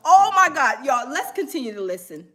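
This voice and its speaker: A woman hosting a gossip show, reacting in exclamatory, animated commentary. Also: high voice, brisk.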